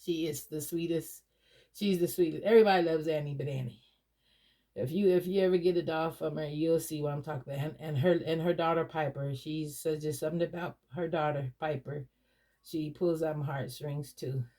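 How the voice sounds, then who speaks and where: A woman's voice: low-pitched, steady tone, a little fast, warm tone. A middle-aged woman chatting casually to her viewers, rambling with many restarts and fillers. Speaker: doll collector vlogger. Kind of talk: casual chat to camera.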